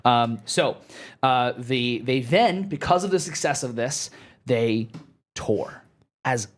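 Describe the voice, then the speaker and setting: A man's voice: medium pitch, expressive, slow. A young adult man hosting a casual live podcast, rambling with restarts and fillers and cursing freely. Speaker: podcast host.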